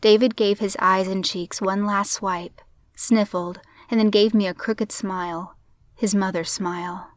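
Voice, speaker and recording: A woman narrating a crime story in a steady, measured audiobook reading. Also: mid-range voice, no echo.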